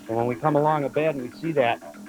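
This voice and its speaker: A man fishing from a boat on a lake, talking about bass and then exclaiming loudly as he lands a big fish. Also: fairly even intonation, quick pace, over music. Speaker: tournament angler. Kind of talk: excited on-water fishing commentary.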